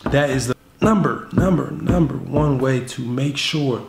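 A man's voice: mid-range voice, measured pace, gravelly, a little mellow. A man giving dating advice in a casual vlog, talking in a slangy, direct, street-casual way. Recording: roomy echo.

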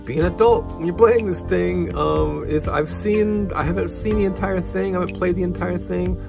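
A man's voice: sits high, fairly even intonation, normal speed, gravelly. A man hosting a casual morning show, recommending free games in a loose, rambling way full of fillers. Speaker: show co-host. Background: music.

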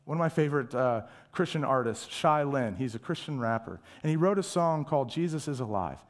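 A male pastor preaching a sermon, emphatic, asking rhetorical questions and dropping to a hush at times. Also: mid-range voice, lively intonation, brisk. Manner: dramatic shifts from loud to hushed, whispering asides.

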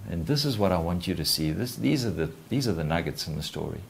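A man preaching a sermon as a pastor, retelling a film scene and swinging between quiet, slow lines and high, forceful exhortation. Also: very animated, creaky.

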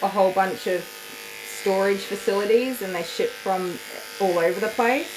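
A woman's voice: medium pitch, normal speed, noisy background. A woman dog groomer hosting a casual livestream from her salon, chatty and easily emotional.

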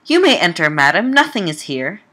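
A woman's voice: lowish voice, sing-song, brisk, sharp tone, heavily acted. Woman reading as a fearful old manservant. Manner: timid, mournful replies. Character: fearful old male servant in a Gothic tale.

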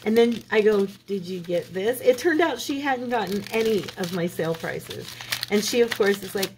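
Amid background noise, a craft channel host with a mid-range voice talks casually at a moderate pace. She rambles through a story as she works at her craft table at home.

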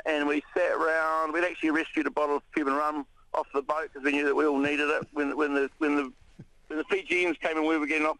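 A New Zealand man, a radio interview guest, recounting an ordeal in a halting way with many restarts. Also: on the high side, no echo, poor audio. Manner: halting, many restarts, animated when retelling shouts.

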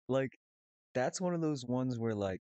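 A man's voice: medium pitch, a little mellow. A man hosting a reaction video, laughing often, exclaiming and swearing as he comments on clips.

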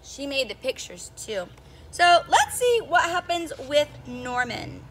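A woman who is a children's storyteller, reading a picture book aloud to young children in an animated teacher's voice that keeps asking them questions. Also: sits high, a little slow, a little hiss or hum. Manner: animated, sing-song teacher talk with questions to the kids.

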